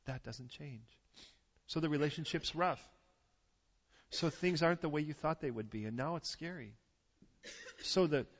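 Pastor preaching in an echoey hall. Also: male voice, a little high. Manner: swings from hushed, intimate pleading to loud, animated storytelling. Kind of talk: sermon. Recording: echoey hall with dull, muffled sound.

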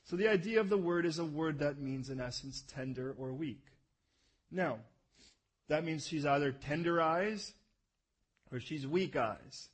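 A man preaching a conversational sermon, animated and joking, asking listeners to repeat words after him. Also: fairly high pitch, a little slow, slightly rough. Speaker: pastor. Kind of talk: sermon teaching.

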